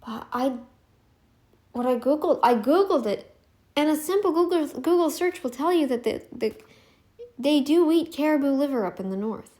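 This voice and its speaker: A woman's voice: sits high, expressive, moderate pace, mellow. A woman vlogger ranting in casual commentary, emphatic and defiant, repeating herself for effect.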